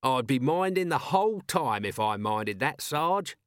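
A man's voice: a little high, a little slow, a bit bright, no echo, clean studio sound, voice pushed up. A man voicing a cheerful, scruffy male corporal with cheeky common speech.

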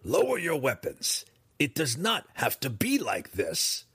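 A man voicing a cunning female drow high priestess who shifts from false sweetness to cold command, raised in pitch. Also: wildly swooping pitch, slow pace, a bit bright, husky, no room sound, exaggerated voice. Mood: coaxing. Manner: falsely sweet, then imperious.

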